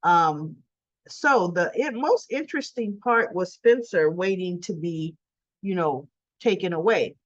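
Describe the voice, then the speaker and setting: A woman's voice: on the low side, lively intonation, measured pace, no room sound. A woman casually recapping a soap opera episode and acting out the characters' lines as she goes. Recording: dry, slightly dull recording.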